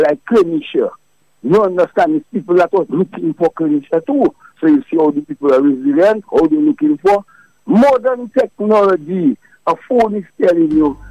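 Fervent caller, dark dry voice. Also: male voice, fairly high pitch, dry recording, poor audio. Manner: fervent, calls people out by name. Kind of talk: call-in radio talk.

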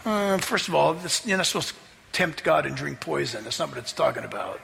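A man preaching a sermon as pastor, telling a story in an animated way and acting out the people he quotes. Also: on the high side, fairly quick, gravelly, long reverb tail, slight background noise. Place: church.

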